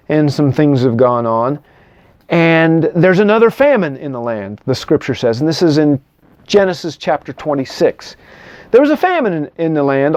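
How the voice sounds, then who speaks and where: A man retells old stories in casual commentary, his pitch swooping widely and sitting slightly high, with wry asides and frequent restarts. The recording is dull and lo-fi, and the sound is dry. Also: darkish tone, dry recording. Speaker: Bible commentator.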